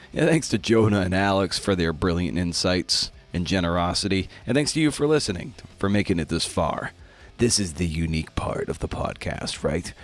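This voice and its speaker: A man hosting a podcast, wrapping up an interview and chatting in a laid-back, slangy way. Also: low voice. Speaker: podcast host. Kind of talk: casual podcast talk.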